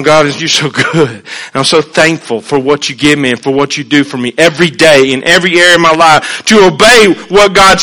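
A man preaching a sermon in an earnest, conversational way, swinging between hushed and emphatic, with folksy asides. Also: high-pitched, rough recording.

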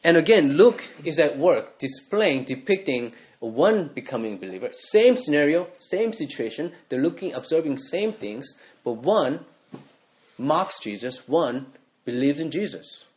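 A man's voice: a little high, very animated, unhurried, a little mellow, highs cut off. Earnest male pastor preaching in conversational style. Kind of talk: sermon.

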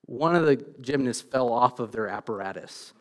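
A middle-aged man preaching a sermon in church, telling stories with animated, self-deprecating humor and frequent restarts. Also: mid-range voice, moderate pace. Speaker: pastor.

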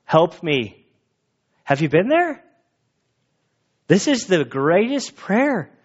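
Taking it slowly, a high-pitched male pastor swings his pitch widely while delivering an earnest, conversational expository sermon. He speaks to his congregation in the church sanctuary, recorded in dull lo-fi.

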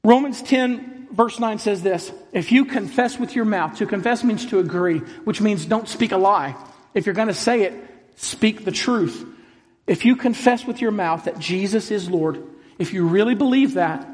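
A man's voice: high-pitched, moderate pace, darkish tone. A man preaching a sermon to a congregation, speaking emphatically and putting questions to the crowd. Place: large hall with congregation. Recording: long hall reverb.

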